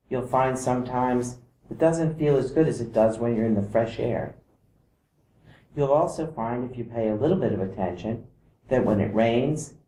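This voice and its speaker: A man giving a calm explanatory talk to camera. He mimics vibrations by singing short "da" syllables. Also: mid-range voice, reverberant, low-quality recording. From outside Iceland.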